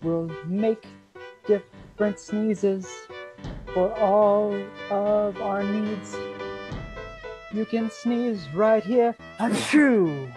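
An improviser playing a chivalrous, grandiose old-fashioned gentleman in a musical comedy scene, over a video call. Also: medium pitch, fairly even intonation. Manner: grandiose, quick bursts, mock sneezes. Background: fiddle music.

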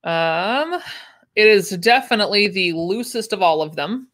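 A woman's voice: mid-range voice, expressive, a little slow, fairly bright tone. A young woman chatting casually on a livestream, with wry asides and easy laughs. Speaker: livestream host unboxing sewing patterns. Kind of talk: casual chat.

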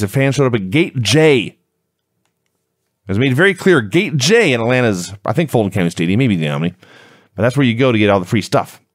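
A man's voice: medium pitch, no echo. A man co-hosting a wrestling review podcast, recapping events in a dry, sarcastic way. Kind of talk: casual chat, recapping.

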